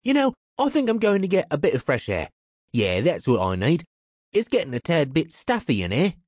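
A tall, jittery crook with a Cockney accent, voiced high above his own register by a male narrator in an audiobook. He chatters nervously and his pitch swings all over the place. The recording is dry and close. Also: huge pitch swings, moderate pace, a little mellow, no room sound. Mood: nervous chatty. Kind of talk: audiobook character voice.

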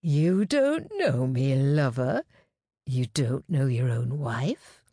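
A woman reading an audiobook, voicing a brassy, husky woman who speaks low, slow and knowing with quiet menace. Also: big pitch swings, dry recording, clean studio sound, exaggerated voice. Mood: sultry menace. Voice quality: husky, sensuous.

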